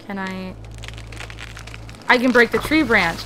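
A woman playing a video game for a let's play chats casually and excitably to the on-screen characters, swearing freely. Her medium-pitched voice moves at a measured pace with frequent pauses, over a little hiss or hum.

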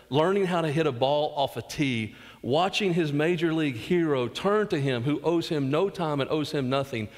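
Southern US man, pastor, earnest sermon, slightly high voice, long church echo. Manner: earnest preaching with acted-out quotes and asides. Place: church sanctuary.

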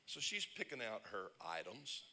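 A man preaching with a low, gravelly voice that still sounds bright and sharp. He tells stories with big swings in pitch and sudden shouts. It is a lively, humorous sermon. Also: moderate pace. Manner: animated storyteller, bursts into shouts and laughs. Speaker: pastor. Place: church conference service.

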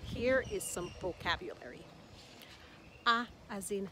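A woman teaching a language lesson at an unhurried pace, sounding encouraging and patient. She repeats each word slowly and distinctly so the listener can follow. Noticeable background noise runs under her voice from an outdoor spot. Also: medium pitch, lively intonation, fairly bright tone. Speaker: Spanish teacher. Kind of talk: slow, clear language lesson. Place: outdoors in Mexico.

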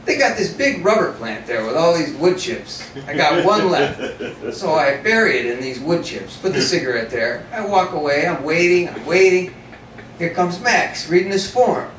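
A man reading his own first-person story aloud in a cafe, in an animated, profane storytelling manner. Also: high voice. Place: cafe before an audience. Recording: roomy cafe sound from a distant mic.

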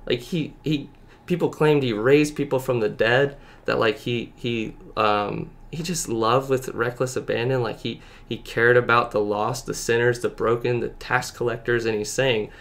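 A man speaking as a podcast guest, telling a personal faith testimony in casual conversation. He is earnest and halting, full of filler words, and at times close to tears. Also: medium pitch, fairly even intonation, creaky, fairly bright tone.

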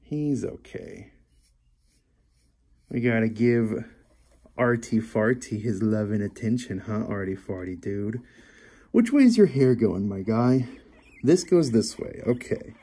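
Husky man cooing to his pet. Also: on the low side, lively intonation, measured pace, warm tone. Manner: cooing pet talk with frequent chuckles. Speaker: guinea pig owner and channel host. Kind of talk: talking affectionately to a pet while brushing it.

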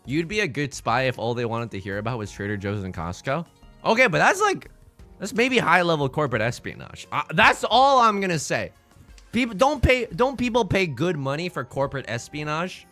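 A young man casually bantering on a livestream while playing mahjong, rambling and joking, with loud high outbursts. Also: sing-song, a little fast, faint music behind. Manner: rambling, jokey, bursts into loud high bits. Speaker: streamer playing online mahjong.

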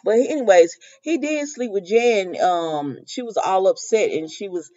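A woman's voice: medium pitch, animated, normal speed, hardly any pauses, darkish tone, muffled recording. A woman casually recapping a soap opera episode, animatedly acting out the characters' lines and laughing often as she goes. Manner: laughs often while talking.

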